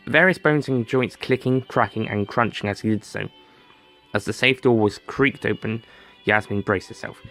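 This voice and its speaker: A man's voice: medium pitch, fairly bright tone. Male narrator, dry and wry, scripted storybook reading, mid voice.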